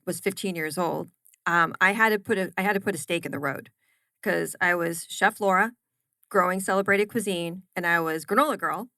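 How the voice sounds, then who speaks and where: A woman chef and entrepreneur chatting on a podcast. Her voice sits fairly low and is recorded dry and close. She tells stories animatedly, punching key words through repetition. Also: no room sound. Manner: animated storyteller, emphatic repetitions. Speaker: guest, chef and granola business owner. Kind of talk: casual podcast interview.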